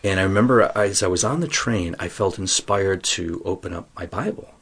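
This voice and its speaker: A man's voice: deep voice, normal speed, fairly bright tone, slightly rough. A man as an interview guest, telling his vocation story in an earnest, self-mocking way.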